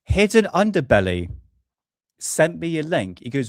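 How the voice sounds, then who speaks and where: A man's voice: on the high side, very animated, measured pace, dry recording. A man hosting a live stream, talking casually and ranting with swear words.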